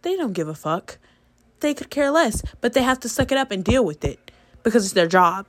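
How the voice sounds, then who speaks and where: Fast-talking woman ranting bluntly. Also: a little high, big pitch swings, no echo. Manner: blunt, heavy swearing. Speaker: vlogger. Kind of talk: casual ranting monologue.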